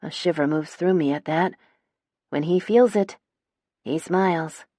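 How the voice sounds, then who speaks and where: Low-voiced woman narrating a romance audiobook. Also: unhurried, dark tone, no echo, clean studio sound. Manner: wry, dramatic first-person storytelling. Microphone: close studio mic.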